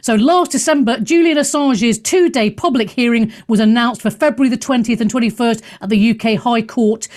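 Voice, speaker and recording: A woman's voice: on the high side, moderate pace, hardly any pauses, darkish tone. A middle-aged British woman hosting a live radio talk show, chatty and self-deprecating, with light swearing and exclamations. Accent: British English.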